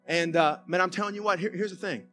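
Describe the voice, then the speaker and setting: A male pastor preaching a conversational sermon in a church, folksy and animated, with many restarts. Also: high voice, fast talker, faint music behind. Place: church sanctuary.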